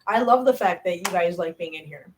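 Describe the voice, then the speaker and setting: Against a noisy background, a fairly low-pitched woman in her 40s chats casually with her livestream viewers and reads their comments as the channel host. She comes across animated, rambling, and self-deprecating, speaking in short, quick bursts.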